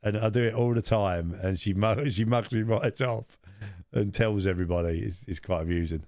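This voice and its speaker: A man's voice: on the low side, moderate pace, darkish tone, dry recording, studio quality. A man co-hosting a podcast, chatting casually, laughing often and repeating phrases for comic effect. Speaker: podcast co-host. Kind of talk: casual chat.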